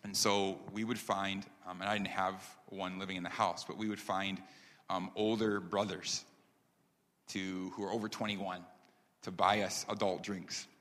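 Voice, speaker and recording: A man's voice: low-pitched, level tone, measured pace, fairly bright tone. A man from upstate New York preaching a testimony sermon, earnest and conversational, with many ums, building to emphatic points. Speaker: pastor. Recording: long hall reverb.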